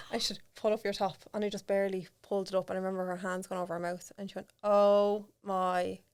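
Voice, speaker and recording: A woman's voice: medium pitch, a little fast, clear, resonant tone. A woman in her thirties with an Irish accent, a podcast guest telling a personal story candidly and acting out the voices of people in it. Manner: animated, acts out quoted voices, laughs often. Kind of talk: candid storytelling in casual chat.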